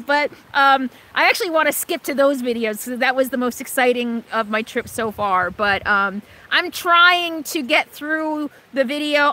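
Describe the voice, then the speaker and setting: Middle-aged woman live-streamer, high bright voice, chatty and unscripted, faint vehicle hum behind. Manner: chatty, frequent fillers and restarts, thanks donors warmly. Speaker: RV vlogger hosting a live stream. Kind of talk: casual live-stream chat reading viewer comments. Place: inside an RV or vehicle.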